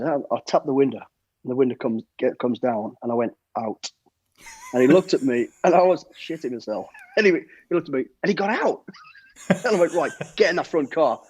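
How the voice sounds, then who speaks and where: Lively middle-aged storyteller. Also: male voice, mid-range voice, breathy edge, no room sound, lo-fi sound. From United Kingdom. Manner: lively storyteller, repeats words, acts out quotes. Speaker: guest, former soldier and bodyguard. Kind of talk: anecdotal storytelling.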